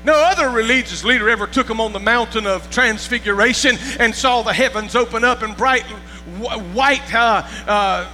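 A high-pitched man preaches a folksy sermon, often stumbling over repeated words and asking if the congregation is with him. His voice is sharp and very bright, and it rings with long reverb over faint music and a mains hum. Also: moderate pace. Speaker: pastor.

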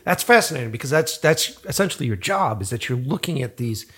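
A man's voice: medium pitch, expressive, quick pace, fairly bright tone, breathy edge. A man hosting a casual interview, asking curious follow-up questions. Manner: curious, asks probing questions.

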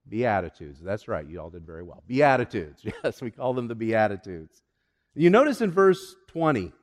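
Animated male pastor preaching in a hall. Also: medium pitch. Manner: animated, conversational preaching with questions to the congregation. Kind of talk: sermon. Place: church sanctuary.

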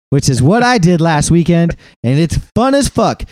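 Man, 30s, podcast co-host, casual rambling chat, swears a lot, fairly high, mellow, dry close sound. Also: normal speed, dry recording. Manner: rambling, profane, animated.

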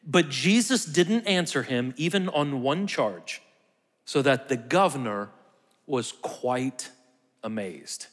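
A man's voice: mid-range voice, lively intonation, slow pace, fairly bright tone, long reverb tail. A man preaching a conversational sermon, sometimes dropping to a near whisper for emphasis. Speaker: pastor.

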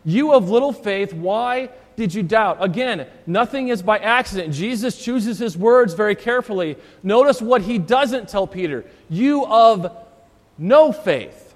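A man's voice: high-pitched, expressive, normal speed, hardly any pauses. A man preaching a sermon as pastor, walking through scripture verse by verse and repeating key phrases. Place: church. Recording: long church reverb.

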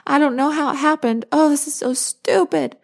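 A fretful young woman, wailing and apologizing as the pain hits, voiced by a woman reading her story aloud. The voice rises well above the reader's usual pitch. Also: fairly even intonation, normal speed, gravelly.

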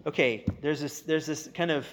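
A man's voice: on the high side, normal speed. A man from the United States, a guest explaining church history in casual, chatty talk full of fillers, who acts out quoted speech as he goes.

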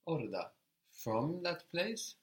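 Slow, patient male language teacher. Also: a little high, sing-song. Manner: patient, encouraging, slow and deliberate. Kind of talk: guided language lesson.

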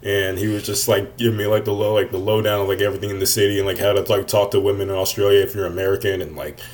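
A man's voice: lowish voice, little pitch movement, rapid-fire, a little mellow. A man in his twenties telling a rambling story over a remote call, full of fillers. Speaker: podcast co-host. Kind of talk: casual storytelling.

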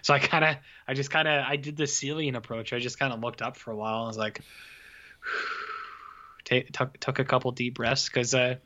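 Bright-voiced rambling guy on lo-fi audio. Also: mid-range voice, steady tone, moderate pace. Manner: laid-back, rambling, joking. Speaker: podcast co-host. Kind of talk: casual chat. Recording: dull lo-fi audio.

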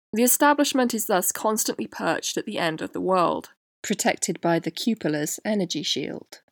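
Woman reading her podcast essay, measured, fairly low voice, dry sound. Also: dry recording. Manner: measured, reading prepared text with quotes. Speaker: podcast host. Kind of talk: scripted essay narration.

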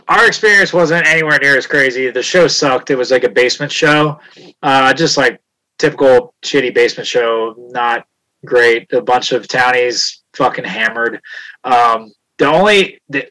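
A man talking in casual podcast chat, laid-back and profane, with his voice dropping into low mutters as he tells his story. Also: bright, forceful tone, poor audio. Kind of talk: casual conversation.

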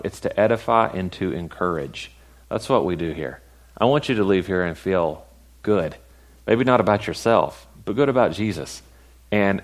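A pastor delivers a sermon in a relaxed, folksy way, with a slightly low voice. He drifts between plain-spoken commentary and scripture, which he reads with rising emphasis. His tone stays conversational, with joking asides.

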